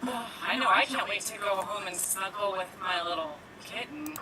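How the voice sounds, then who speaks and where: A performer playing a calm, chatty nail technician. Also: medium pitch, normal speed, background noise, lightly acted. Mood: easygoing. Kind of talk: online improv scene.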